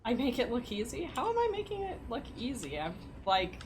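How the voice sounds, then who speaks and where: A woman's voice: a little high, huge pitch swings, a little fast, slight background noise. A woman co-hosting a casual livestream while playing, with playful, wry asides. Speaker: co-host playing the game.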